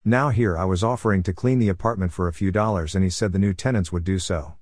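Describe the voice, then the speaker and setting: A man with a low voice recounts an old episode from his life in a calm, matter-of-fact storytelling manner. The sound is dry and close, with no room around it. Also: fast, no echo. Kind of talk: first-person storytime narration.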